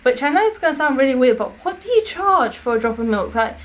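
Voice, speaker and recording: A woman's voice: high voice, sing-song, fast talker. Chatty young woman telling stories. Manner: chatty, rambling, with frequent self-corrections. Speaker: vlogger. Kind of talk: casual storytelling to camera.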